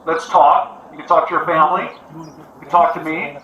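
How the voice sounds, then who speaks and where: A man working as a police negotiator, calmly and steadily appealing to someone to come out and talk. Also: on the high side, moderate pace, muffled recording, a little hiss or hum. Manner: steady, coaxing, repetitive appeals. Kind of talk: calm crisis negotiation. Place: outdoors on a street. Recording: echoey, from far off.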